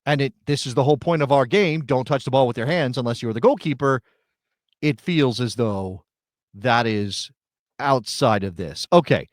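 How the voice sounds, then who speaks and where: Measured sports talk co-host, dry sound. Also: male voice, mid-range voice, no echo. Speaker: podcast co-host. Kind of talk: sports talk show discussion.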